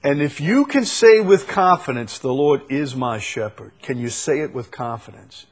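A man preaching a sermon, repeating key phrases and swinging between loud proclaiming and quiet intensity. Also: medium pitch, lively intonation, moderate pace.

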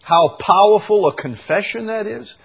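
A man preaching a sermon, repeating key phrases and swinging between loud proclaiming and quiet intensity. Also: high voice, lively intonation, normal speed, gravelly, slightly rough.

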